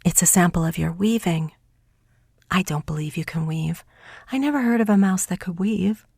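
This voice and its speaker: A woman's voice: lowish voice, normal speed, vocal fry, darkish tone, husky, no room sound, clean studio sound. Woman reading a modest young farm lad. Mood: doubtful. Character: gentle, modest young farmer's son.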